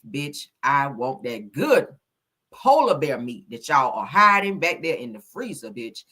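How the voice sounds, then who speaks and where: Laughing, lively woman livestream host. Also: sits low. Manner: loud, laughing, preachy exclamations and profanity. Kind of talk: casual comedic livestream chat.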